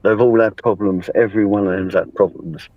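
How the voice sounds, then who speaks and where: A man's voice: on the low side, steady tone, fairly quick, dry recording, phone-quality sound. A man hosting a livestream, talking casually in a blunt, rambling way with swearing. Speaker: livestream host. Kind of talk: casual chat.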